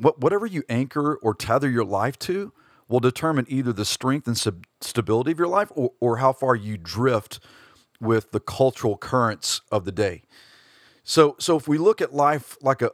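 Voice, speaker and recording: Male podcast host, low voice, casual musing delivery with lots of ums and restarts, dry recording. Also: no room sound. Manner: hesitant, many fillers and restarts. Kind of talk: casual reflective monologue.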